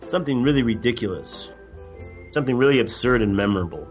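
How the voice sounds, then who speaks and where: A man's voice: mid-range voice, expressive, fast, lo-fi sound, faint music behind. A man hosting a casual podcast chat, stumbling and restarting his sentences as he talks. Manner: hesitant, restarts often. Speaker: host.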